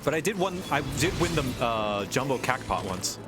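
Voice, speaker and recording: A man streaming a game, reading the on-screen dialogue aloud between loose chatter. His pitch swings widely, and game music plays clearly under his voice. He laughs easily. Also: big pitch swings, moderate pace. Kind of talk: casual game-stream commentary.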